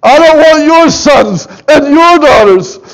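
A middle-aged pastor preaching a sermon in a church, impassioned and near tears, dropping to a soft, low voice and rising to loud, urgent pleas. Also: male voice, animated, slow pace, creaky, low-quality recording. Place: church sanctuary.

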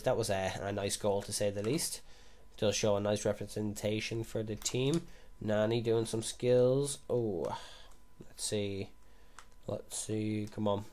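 A young man giving casual live commentary over a football video game, chatty and swearing constantly, with sudden loud excited shouts. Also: on the low side. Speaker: gaming YouTuber.

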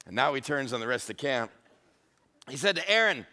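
A man's voice: medium pitch, lively intonation, brisk, pauses often, pushed and bright. A male pastor preaching a humorous, storytelling sermon.

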